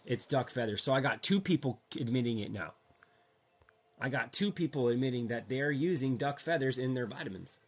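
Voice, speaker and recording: A man speaks at an ordinary middle pitch in a loose, heated monologue to his audience. He talks in slang and swears casually. He keeps repeating himself as he presses his point. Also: expressive, brisk, slightly rough. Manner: slangy, profane, heated and repetitive. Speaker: vlogger.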